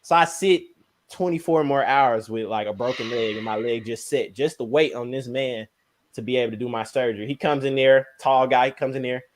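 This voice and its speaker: A young man, a podcast guest, telling a basketball injury story in casual, slangy, animated speech. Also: fairly quick. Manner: animated, slangy, sound words like "boom, bam".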